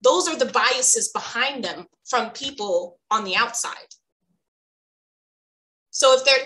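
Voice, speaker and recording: A woman with a bright, slightly high voice speaks earnestly over a video call. She talks in an animated way and often stumbles and restarts her sentences while co-hosting a panel. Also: a little slow, poor audio. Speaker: co-host of a panel discussion.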